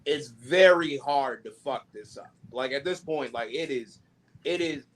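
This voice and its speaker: A man co-hosting a podcast, chatting casually about movies with a joking, profane, animated manner. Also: mid-range voice, measured pace. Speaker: podcast co-host. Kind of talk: casual chat.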